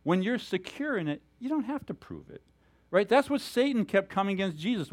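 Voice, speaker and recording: A male pastor giving a sermon in an animated, storytelling way, chuckling often as he talks. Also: high-pitched, fairly quick.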